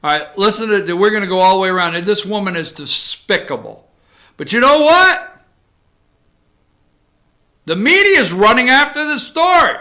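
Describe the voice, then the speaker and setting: Guy hosting a talk show, super high voice, ranting hard and cueing the producer. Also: lively intonation, moderate pace, long pauses, sharp tone. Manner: ranting, emphatic, cues the producer. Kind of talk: opinionated talk show commentary.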